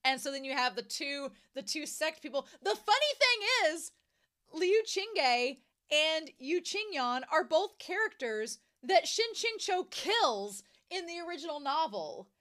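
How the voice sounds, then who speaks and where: A young woman casually discussing a novel she is reading, animated and jumping to excited high notes. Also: measured pace. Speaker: book reviewer.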